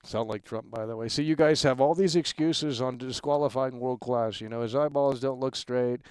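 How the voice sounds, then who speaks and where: A steady, smooth mid-range voice at normal speed and with few pauses belongs to a man hosting a casual livestream talk show on a dry recording. His emphatic shout-outs lean on repeated catchphrases, and his opinions ramble, broken by frequent restarts and fillers.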